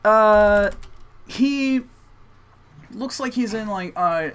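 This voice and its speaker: A man's voice: high-pitched, very slow, fairly bright tone, clear, resonant tone. A young man narrating a tabletop game as game master, casual and rambling with many fillers.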